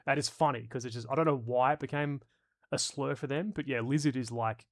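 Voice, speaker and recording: A man hosting a live stream, reading viewer comments out loud and joking around in a casual, profane, rambling way. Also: mid-range voice, steady tone, brisk. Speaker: streamer host.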